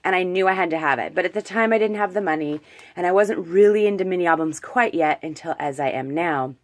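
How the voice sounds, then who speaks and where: Low-voiced chatty crafter woman. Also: quick pace, no room sound, studio quality. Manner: chatty and gushing, with fillers and self-corrections. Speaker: crafter showing a handmade album. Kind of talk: casual show-and-tell vlog.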